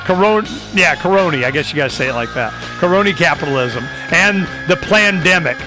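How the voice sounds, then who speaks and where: A male podcast host chatting casually, animated and riffing with exclamations. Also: a little high, brisk, over music. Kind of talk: casual chat.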